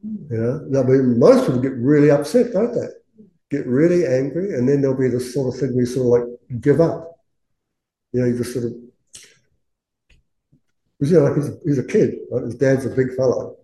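Chatty man with a dark voice. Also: medium pitch, normal speed, long pauses. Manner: chatty, laughing, acts out quoted voices. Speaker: Buddhist teacher. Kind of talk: casual Dharma talk. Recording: roomy echo.

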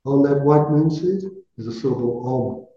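Dark-voiced man leading chanted meditation. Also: mid-range voice. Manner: measured, softly intoning recited syllables. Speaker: meditation teacher. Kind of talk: guided visualization with mantra chanting. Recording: echoey, dull lo-fi room recording.

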